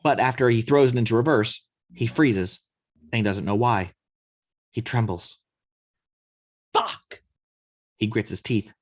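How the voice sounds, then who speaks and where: A man narrating the action lines of a screenplay read-through in a steady storytelling manner. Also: medium pitch, normal speed, dry recording. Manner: steady storytelling, occasional slips. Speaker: narrator reading action description.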